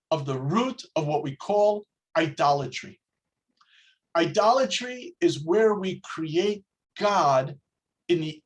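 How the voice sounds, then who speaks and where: Brief: a rabbi lecturing over a video call, unhurried, storytelling, asking rhetorical questions. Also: male voice, high voice. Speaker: rabbi teaching a class. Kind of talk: religious lecture with jokes.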